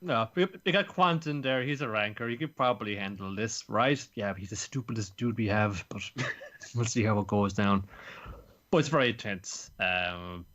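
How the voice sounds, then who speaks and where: A man's voice: lowish voice, moderate pace, a bit bright, dull audio. A man co-hosting a casual podcast, rambling through episode recaps and acting out characters' lines. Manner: rambling, acts out quotes in voices. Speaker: podcast co-host.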